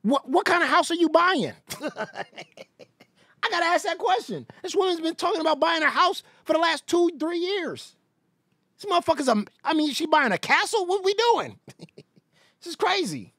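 A stream host ranting through reaction commentary in a mocking, incredulous tone and laughing often. The pitch swings widely, and the sound is dry and close. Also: sing-song, normal speed, fairly bright tone, dry recording.

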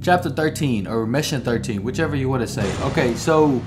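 A young man giving excitable let's-play commentary, swearing, laughing and talking back to the game as he plays. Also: mid-range voice, a little fast, music in the background. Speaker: gamer playing through a video game.

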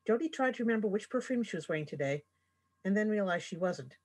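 Woman author, reading her fantasy story aloud, husky, lively pitch. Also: quick pace. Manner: expressive storyteller voicing characters.

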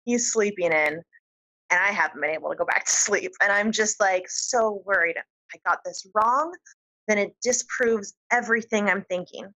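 A woman telling stories as an interview guest, animated and chatty and quick to laugh. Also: mid-range voice, poor audio. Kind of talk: storytelling interview.

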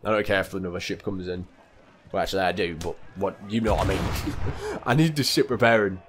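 He's a young gamer with a low voice and a fairly quick delivery, repeatedly muttering his annoyance as he plays. Cannon fire and loud game music fill the audio under his voice.

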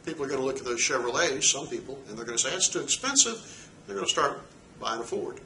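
A man's voice: medium pitch, fast talker, sharp tone, slight background noise. A man teaching economics in a lecture, asking rhetorical questions and checking in with "okay?". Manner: asks the class rhetorical questions. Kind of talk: recorded lecture. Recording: echoey room, mic at a distance.

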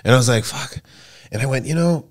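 A man in his forties, a podcast guest, tells stories in a casual, rambling and profane way, jumping into loud high voices when he quotes people. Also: very fast. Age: 40s. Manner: acts out quoted voices with big pitch jumps. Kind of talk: casual storytelling chat.

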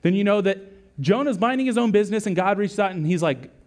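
A man's voice: high voice, fast talker. A male lead pastor preaching a sermon in a conversational, storytelling way, often asking "right?" and acting out quotes. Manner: animated storytelling with acted-out quotes; conversational, frequent "right?" asides.

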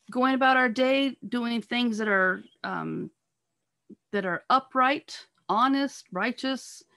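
A woman giving an earnest sermon over a video call, pressing her listeners with repeated rhetorical questions and halting now and then on fillers and restarts. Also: on the high side, a bit bright. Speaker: speaker at a church talk on marriage.

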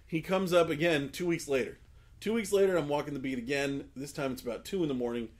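A man, his voice pitched a little above the usual, chats casually on a podcast. He spins a long story, acts out each person in it and laughs often. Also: fast talker. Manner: animated, acts out quoted people, laughs often. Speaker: podcast co-host.

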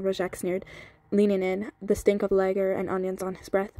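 A woman reading a novel aloud in a steady, even way, with a few slips and restarts, on sped-up audio. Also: medium pitch, moderate pace, dry recording. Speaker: audiobook reader.

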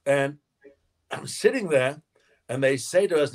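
A man, a winemaker guest in an interview, telling lively anecdotes and acting out quotes with frequent laughter. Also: fairly high pitch, unhurried, pauses often. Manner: animated storyteller, acts out quotes, laughs often.

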